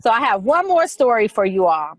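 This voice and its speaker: A middle-aged woman casually telling a personal story, animated, with quick repetitive retelling. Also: a little high, no echo, low-quality recording.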